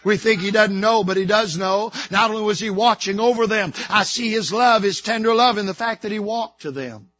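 A man preaching a sermon from a church pulpit. He swings between shouting and hushed, soft passages. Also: high voice, a little fast, few pauses, muffled recording, soft background music. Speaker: pastor.

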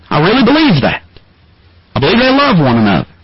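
A man preaching a sermon as pastor, emphatic and climbing higher in pitch to drive points home. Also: huge pitch swings, fast talker, slightly rough, dry recording. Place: church sanctuary. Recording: muffled lo-fi church recording with congregation.

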